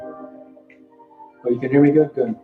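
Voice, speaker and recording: A man's voice: medium pitch, normal speed. An older man hosting a casual livestream, rambling and greeting viewers by name between remarks. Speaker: livestream host. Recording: tinny phone-like sound in an echoey room, faint music.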